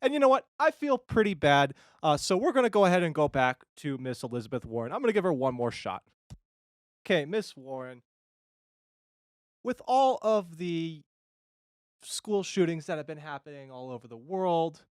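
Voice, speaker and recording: Guy moderating a joke debate, high lively voice, crude and rambling, dry sound. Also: normal speed, no echo. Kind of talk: comedy debate parody.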